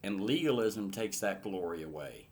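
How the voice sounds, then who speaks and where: A man's voice: low-pitched, very animated, moderate pace. A man teaching verse by verse through a Bible passage in an earnest manner, rising to emphatic bursts.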